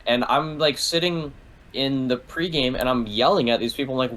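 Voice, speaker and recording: A man's voice: mid-range voice, moderate pace, fairly bright tone, poor audio. Rambling, swearing man in casual talk. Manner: rambling, heavy use of "like", swears freely.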